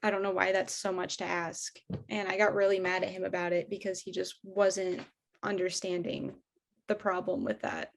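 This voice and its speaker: A woman's voice: on the low side, normal speed, vocal fry. A young woman with a Michigan accent, telling an interviewer about her old sales job in a casual, chatty way full of "like" and "um". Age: young adult. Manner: chatty, heavy use of "like" and "um". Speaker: interviewee, former door-to-door sales trainer.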